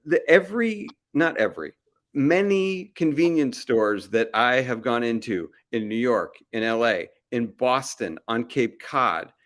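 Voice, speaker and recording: A man's voice: medium pitch, animated, unhurried, a bit bright. A man, a comedy TV writer guesting on a podcast, speaking thoughtfully with many hedges. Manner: thoughtful, hedging, acts out quoted voices. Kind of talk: casual podcast conversation. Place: live show at a restaurant.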